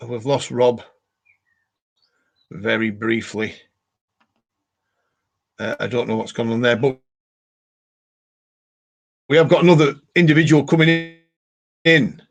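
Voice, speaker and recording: A man's voice: mid-range voice, steady tone, slow pace, creaky, pauses often. A British man hosting a casual live detecting talk stream, chatting and reading viewer comments aloud. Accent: British English. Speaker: livestream host.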